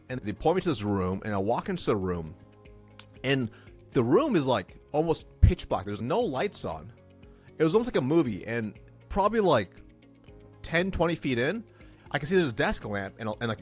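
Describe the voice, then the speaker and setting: Animated man telling a story. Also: medium pitch, normal speed, soft background music. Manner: acts out dialogue, excitable. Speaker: sales coach, podcast guest.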